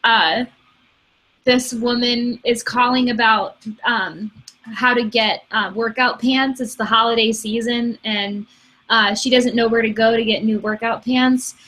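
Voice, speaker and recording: Twenties woman, slight Michigan accent, bright, chatty co-host energy. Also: a little high, fairly even intonation, a little slow. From Michigan, USA. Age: 20s. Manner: chatty, laughs easily. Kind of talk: casual chat.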